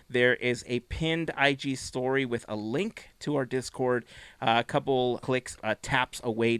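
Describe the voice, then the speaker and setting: A man hosting a podcast, his voice smooth and resonant. The sound is dry and close, with no room around it. He talks in a relaxed, chatty way and signs off the show. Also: mid-range voice, dry recording. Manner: wraps up the show with sign-off lines. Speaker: podcast host. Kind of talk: casual chat.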